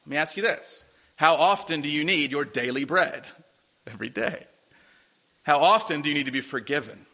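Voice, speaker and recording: Male pastor, casual preaching style with questions to the room; bright, slightly high voice. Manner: conversational preaching with rhetorical questions. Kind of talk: sermon.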